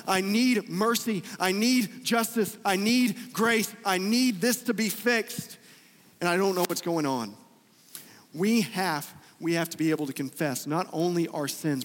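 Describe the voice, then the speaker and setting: A man preaching a sermon as pastor, impassioned, swinging between loud pleading and hushed words, often repeating himself to press a point. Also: sits high, big-room sound.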